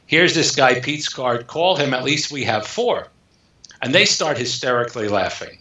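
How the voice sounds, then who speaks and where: Bright-voiced man telling a story. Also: mid-range voice, normal speed. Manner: animated storyteller acting out dialogue. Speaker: author guest. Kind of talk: storytelling interview. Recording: echoey, dull lo-fi sound.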